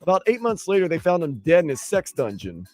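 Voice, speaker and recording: A man hosting sports talk radio, bantering and joking in a lively way. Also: high voice, quick pace, no echo. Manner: animated, jokey, puts on silly voices for stories. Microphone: studio microphone.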